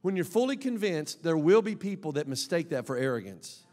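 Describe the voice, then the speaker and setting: A man preaching an emphatic, animated sermon as a pastor, with bursts of shouting. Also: a little high, brisk. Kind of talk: lively sermon. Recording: long reverb of a large hall.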